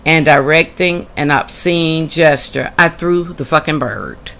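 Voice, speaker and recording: A tenant reads documents from her own housing case aloud and answers them bluntly and indignantly. Her deep voice is gravelly and a bit bright, and she speaks a little slowly.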